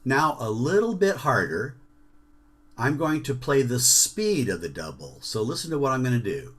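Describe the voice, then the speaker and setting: A man's voice: medium pitch, big pitch swings, moderate pace, over loud music. A man leading an online jazz workshop, chanting rhythm syllables and checking in with students over a video call.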